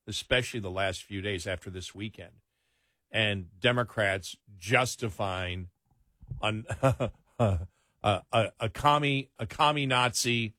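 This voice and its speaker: A man's voice: on the low side, bright, forceful tone, no room sound, clean studio sound. A man hosting a late-night political talk radio show, emphatic and incredulous, often restarting his words.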